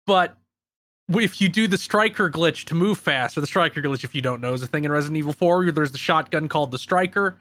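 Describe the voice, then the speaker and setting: Bright-voiced man on a podcast. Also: a little high, fast, dry recording. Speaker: podcast co-host, streamer. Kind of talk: casual podcast chat.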